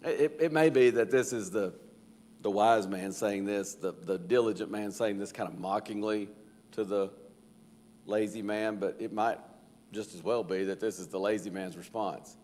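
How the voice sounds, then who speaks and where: A man's voice: fairly low pitch, moderate pace, a little mellow, a little hiss or hum. Folksy man teaching Bible study. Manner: folksy and conversational, with chuckles and acted-out quotes. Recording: reverberant church hall.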